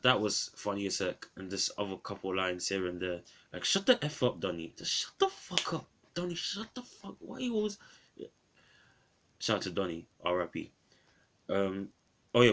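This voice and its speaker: A man reviewing an old film in a casual, rambling vlog, often restarting his phrases. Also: lowish voice.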